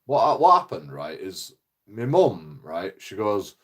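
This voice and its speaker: A man's voice: fairly low pitch, sing-song, moderate pace. A man, ranting casually in a rambling, foul-mouthed way. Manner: rambling, heavy swearing. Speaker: vlogger. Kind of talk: casual rant.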